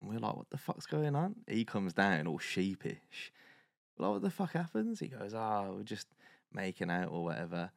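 A man, co-hosting a podcast, telling animated, sweary stories in casual chat. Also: on the low side, moderate pace, vocal fry, dry recording, clean studio sound. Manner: animated storyteller, swears freely, British slang. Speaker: podcast co-host.

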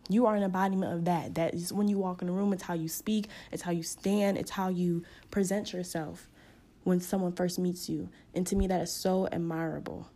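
A woman's voice: fairly low pitch, fairly even intonation, fairly quick, warm tone. A young woman hosting her own podcast, speaking with passion and repeating key phrases for emphasis. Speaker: podcast host. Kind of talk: impassioned solo podcast monologue.

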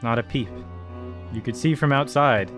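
A man narrating a tabletop role-playing game as game master, setting scenes in a calm, wry way. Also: medium pitch, moderate pace, over music.

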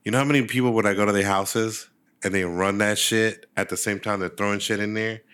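A man's voice: lowish voice, fairly even intonation, brisk, fairly bright tone, smooth. A man in a casual chat, explaining a point with emphasis and casual swearing.

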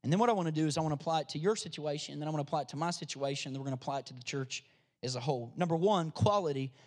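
A pastor preaches to his congregation, reading scripture and building emphasis as he calls on listeners to respond. His voice is fairly high and darkish in tone, and he races along.

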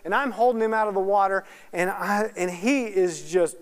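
A man giving a sermon at an evening Bible study, telling a personal story in an animated way and then praying. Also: sits high, moderate pace, hardly any pauses, clear, resonant tone. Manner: animated storytelling, laughs at himself. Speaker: guest preacher. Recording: reverberant hall sound.

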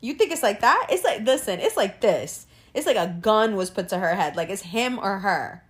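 A young woman hosting a casual monologue, profane and animated, often laughing and asking rhetorical questions. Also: medium pitch, normal speed.

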